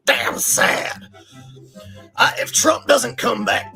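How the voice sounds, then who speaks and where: A man's voice: very high voice, takes it slowly, creaky, pauses often, sharp tone, soft background music. A man ranting in sarcastic fake crying, with an exaggerated mock-sobbing voice.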